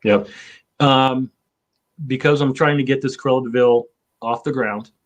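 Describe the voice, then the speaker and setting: A man's voice: mid-range voice, steady tone, a little slow. A man in his fifties, hosting a casual chat, rambling with lots of fillers and swearing. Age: 50s. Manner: rambling, profane, with many fillers. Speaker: show host.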